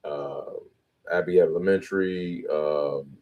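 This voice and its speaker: Very deep-voiced, slow-talking man host. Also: steady tone, a little mellow. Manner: encouraging, quick to affirm. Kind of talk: casual call chat.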